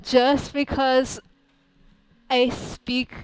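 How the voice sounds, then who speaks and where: Young American woman streamer, slightly high, smooth voice, animated and rambling, laughs a lot, dry close mic. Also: extremely slow, no echo, rough recording. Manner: polite, somewhat formal phrasing. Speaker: VTuber let's-play streamer. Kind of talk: casual game commentary.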